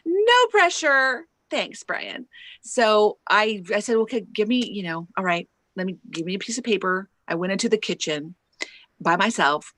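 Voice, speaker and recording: A woman's voice: fairly low pitch, no echo. A woman singer and songwriter, a guest in an online interview, telling stories animatedly and acting out what people said, on a lapel mic. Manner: animated, acts out quotes with laughs. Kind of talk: casual storytelling in an online interview.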